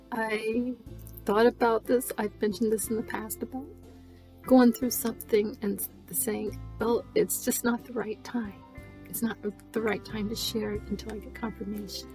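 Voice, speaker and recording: A high-voiced woman chats casually in a vlog. She talks earnestly and emotionally about her faith, trailing off and restarting often, while faint music plays underneath. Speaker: vlogger.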